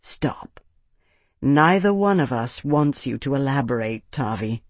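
The narrator doing Isana, a firm caring aunt. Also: female voice, a bass voice, moderate pace, no room sound. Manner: calm, firm questioning.

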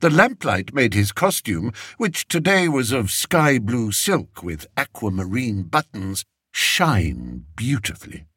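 A man narrating a story in an expressive, unhurried way, recorded close on a studio mic. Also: medium pitch, slightly rough, no echo. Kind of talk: audiobook narration.

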